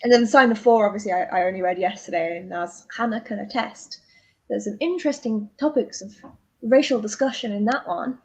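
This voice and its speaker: A woman's voice: mid-range voice, brisk, breathy edge, rough recording. A woman chatting casually on a group livestream about books. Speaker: co-host of a readathon livestream. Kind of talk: casual chat.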